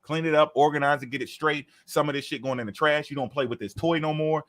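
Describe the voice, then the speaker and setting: A man's voice: a little high, fairly even intonation, quick pace, a bit bright. A man co-hosting a casual talk show, delivering an emphatic, profane rant. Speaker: podcast co-host. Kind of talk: casual group talk, ranting.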